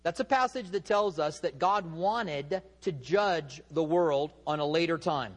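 A middle-aged pastor preaching a sermon in a conversational way, mixing scripture with humorous personal stories. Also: male voice, fairly high pitch, a little slow.

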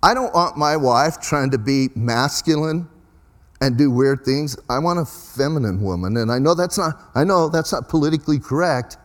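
A man's voice: a little high, expressive, moderate pace, long reverb tail. A middle-aged man preaching a sermon as pastor, in a folksy, conversational way with emphatic rises.

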